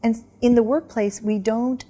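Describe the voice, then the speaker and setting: A middle-aged woman, a guest author in an interview, telling lively stories and acting out commands. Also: fairly high pitch, a little slow. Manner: animated storyteller, acts out dog commands. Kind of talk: casual interview chat.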